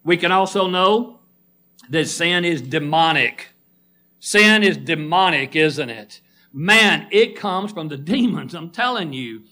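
A man's voice: a little high, animated, slow, sharp tone. A middle-aged male preacher giving a sermon, emphatic, firing questions at the congregation and calling listeners by name.

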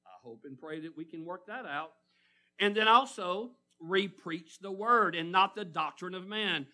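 A man preaching a sermon, calling out to the congregation and swelling to loud emphatic peaks. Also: high-pitched, a little slow.

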